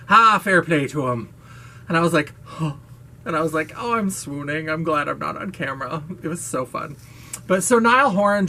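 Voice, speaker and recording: A woman's voice: low voice, a bit bright, slight background noise. Frank, gushing woman vlogger. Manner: gushing, playful and frank, with swearing and laughs. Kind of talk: casual chat to camera.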